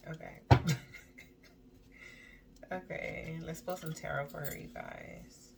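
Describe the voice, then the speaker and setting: Woman, tarot reader, deep low voice, chatty and rambling, faint background hiss. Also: huge pitch swings, slow pace, gravelly, pauses often. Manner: chatty, loose, full of "like" and "um" asides; reads card text aloud, then riffs on it. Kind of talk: casual spoken tarot reading.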